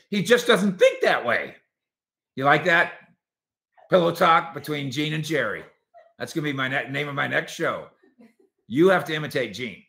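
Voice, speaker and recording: Bright-voiced opinionated man hosting sports talk. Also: on the high side, animated, moderate pace. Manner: opinionated, jokey, restarts and stumbles often. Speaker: sports talk show host.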